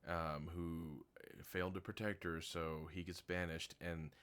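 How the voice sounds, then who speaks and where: A man with a very low voice gives a loose, unscripted review of a film. He is blunt and critical but laughs easily. His speech is full of fillers like "like" and "um". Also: little pitch movement, unhurried, fairly bright tone, smooth. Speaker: movie reviewer. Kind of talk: casual spoken movie review.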